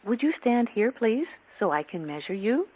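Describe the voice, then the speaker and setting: A woman playing a calm, polite school nurse in a textbook listening dialogue, giving instructions. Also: on the high side, normal speed, dry recording, rough recording.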